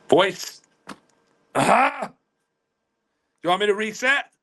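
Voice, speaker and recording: A man with a high, lively voice that swoops up and down as he talks. He sounds bright and sharp, tumbling from one thought to the next with casual swearing over a remote call. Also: extremely slow. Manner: excitable, swears freely, jumps between thoughts. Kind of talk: casual podcast chat.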